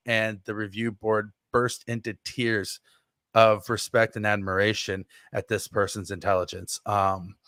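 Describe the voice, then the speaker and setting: A man's voice: on the low side, a bit bright, clean tone, no echo. Male podcast co-host, casual and playful, dry close recording. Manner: playful, jokey exaggeration.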